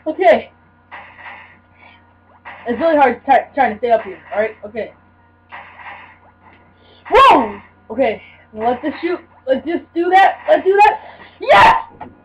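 A high-pitched woman talks over a video game in quick, excitable bursts, her voice leaping up and down. The recording is dull and lo-fi. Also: slight background noise. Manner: excitable, shouts and yelps at the game. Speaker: gamer. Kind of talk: casual gameplay commentary.

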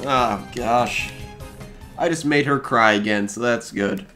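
Soft background music runs under this let's play, where a young man comments on his gameplay in a pushed, bright, mid-range voice. He chats with the characters on screen and lets out quick exclamations.

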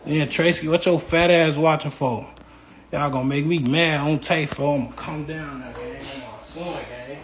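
A young man with a voice on the high side delivers a profane, angry rant at a rival on a livestream, leaning on tags like "gang" and "on tape." This rapper keeps a steady tone and moderate pace, with reverb and a little hiss or hum in the recording.

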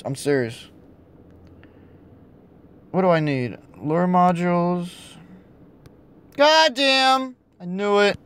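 A young man talking to himself while he plays a phone game, frustrated and swearing, a little hoarse from losing his voice. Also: fairly high pitch. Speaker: vlogger playing a mobile game. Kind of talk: casual vlog commentary.

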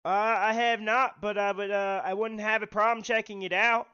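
A man hosting a call-in livestream, talking in a halting way and often repeating himself. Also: high voice, little pitch movement, pushed and bright, clean tone, highs cut off. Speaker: livestream host taking callers.

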